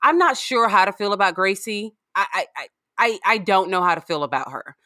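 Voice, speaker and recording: A woman's voice: mid-range voice, lively intonation, a little fast, sharp tone, dry recording, clean studio sound. A woman co-hosting a podcast, chatting casually and hesitantly, often restarting her sentences. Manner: hesitant, restarts, torn and unsure. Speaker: podcast co-host. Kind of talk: casual recap chat.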